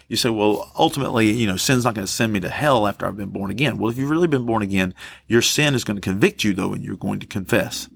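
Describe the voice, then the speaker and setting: A man preaching a passionate sermon as pastor, dragging out key words slowly for emphasis. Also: fairly low pitch, vocal fry, husky, no echo.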